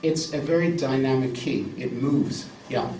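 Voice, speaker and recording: A man's voice: mid-range voice, a little slow. A man in his fifties giving a live lecture as a pianist, emphatic and jokey, repeating words for effect. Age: 50s. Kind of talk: live music lecture with piano examples. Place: salon lecture room indoors. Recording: roomy, distant live recording with piano.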